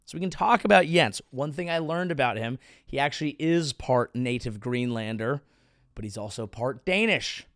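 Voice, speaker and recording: A man's voice: mid-range voice, lively intonation, moderate pace, a bit bright, no echo, studio quality. A man in his thirties, a comedian hosting his show, rambling through a profane, self-deprecating monologue. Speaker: comedian host.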